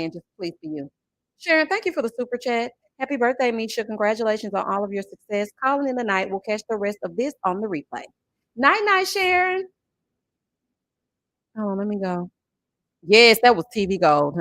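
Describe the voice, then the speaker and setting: A woman, chatting on a livestream about reality TV and reading viewer messages in a sassy, animated way. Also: mid-range voice, no echo. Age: 40s. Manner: sassy, animated, calls viewers honey and child. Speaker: YouTube reality-TV reviewer. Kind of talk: casual livestream chat reading super chats.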